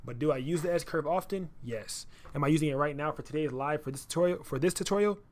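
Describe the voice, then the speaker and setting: A man's voice: a little high, quick pace. Slangy young man rambling on a live stream. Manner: loose, rambling, repeats phrases, slangy. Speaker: photographer live-streaming an edit. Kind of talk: casual live-stream chat.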